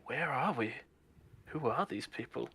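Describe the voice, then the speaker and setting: A man voicing a groggy, bewildered young woman who has just woken, speaking softly and hesitantly. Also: mid-range voice, unhurried, vocal fry, husky, exaggerated voice. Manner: soft, hushed, hesitant.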